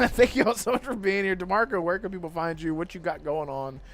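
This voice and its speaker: A man's voice: sits high, steady tone, fairly quick. Upbeat man hosting a gaming podcast. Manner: upbeat, laughs often, thanks chat members. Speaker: podcast host. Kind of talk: casual gaming podcast chat.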